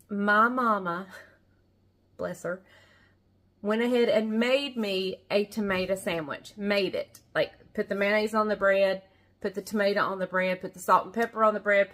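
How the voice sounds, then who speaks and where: A woman's voice: mid-range voice, fairly bright tone. A middle-aged woman with a Southern American accent, telling a rambling, folksy story in a casual kitchen vlog. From Southern United States. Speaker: vlogger. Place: home kitchen.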